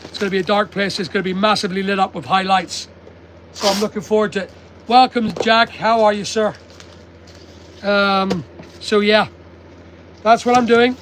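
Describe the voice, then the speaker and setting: An older British man chats on a livestream in a blunt, plain-spoken way, answering viewers as he works. His voice sits fairly high for a man. A faint hum of background noise runs under the talk. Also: fairly even intonation, moderate pace, long pauses, a bit bright, rough recording. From United Kingdom. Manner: blunt and chatty, reads out viewer comments. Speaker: online seller livestreaming. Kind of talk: casual livestream chat. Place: stock depot at a packing table.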